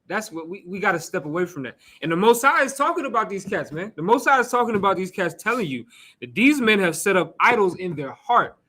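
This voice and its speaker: High, bright-voiced man preaching casually. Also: big pitch swings, a little fast. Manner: casual, conversational, rhetorical questions, occasional cursing; laughs and asides to the room. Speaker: teacher leading a scripture class. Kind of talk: informal sermon.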